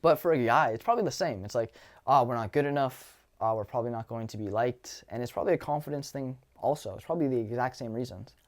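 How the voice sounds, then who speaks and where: A young man talking casually as a dating coach, animated and swearing, acting out lines from his own conversations. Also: medium pitch, quick pace. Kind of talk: casual advice monologue.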